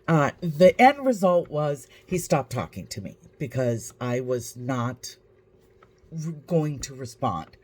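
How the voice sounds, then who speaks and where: A woman's voice: rumbling low, sing-song, slow, a little mellow, husky. A woman vlogger telling a story to camera in a dry, wry, matter-of-fact way.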